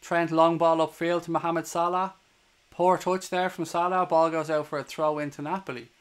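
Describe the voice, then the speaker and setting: A young Irish man giving live play-by-play commentary for a fan watchalong stream, brisk and partisan, swearing freely when annoyed. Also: fairly high pitch, level tone, clear, resonant tone. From Ireland. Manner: swears hotly at opposing players.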